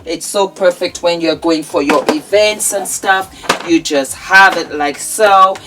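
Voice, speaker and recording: Slow, low-voiced effusive woman vlogger. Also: over music. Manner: effusive, showers viewers with endearments. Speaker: vlogger presenting her own products. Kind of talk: casual product showcase vlog.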